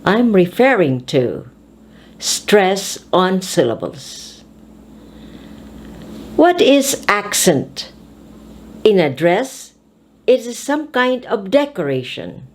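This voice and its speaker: Woman doing a pronunciation lesson, super slow and careful, voice going way up and down on every word. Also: medium pitch, very animated, darkish tone. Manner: slow, deliberate, emphatic enunciation. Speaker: speech teacher and host.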